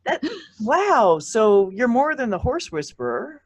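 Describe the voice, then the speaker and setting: A woman hosting a casual interview show, excitable and gushing, laughing often. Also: a little high, measured pace, breathy edge, no room sound. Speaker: talk show host.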